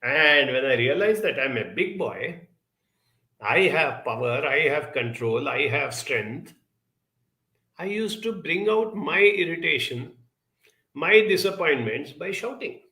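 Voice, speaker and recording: A man giving an earnest, reflective talk, telling a childhood story in a measured way with lively emphasis. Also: on the high side.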